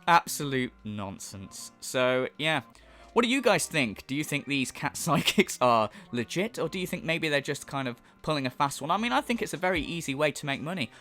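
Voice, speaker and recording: A man's voice: fairly high pitch, big pitch swings, normal speed, bright, forceful tone, soft background music. A British man giving a sweary, mocking reaction commentary on a video. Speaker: YouTube commentator.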